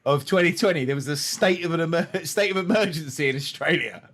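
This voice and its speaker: A man's voice: fairly high pitch, a little fast, background noise. A man co-hosting a podcast, chiming in with blunt, jokey remarks in casual banter. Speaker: podcast co-host.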